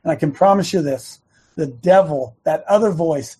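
A man's voice: fairly high pitch, normal speed, warm tone, breathy edge. A man, known as coach, giving an earnest and emphatic sermon-style devotional talk and repeating his key lines.

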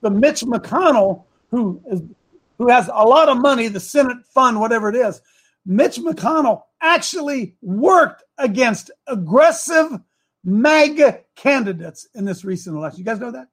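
A man's voice: extremely high pitch, expressive, moderate pace. A man preaching a sermon that mixes in politics. He calls for amens, repeats himself, and speaks straight to people in the room. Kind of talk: sermon mixed with political talk.

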